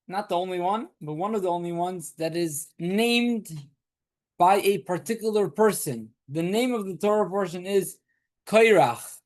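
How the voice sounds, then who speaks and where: Man rabbi teaching a weekly class. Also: high-pitched. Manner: explanatory, repeats key points, asks rhetorical questions; talks with the class, questions students. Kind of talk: Torah class lecture.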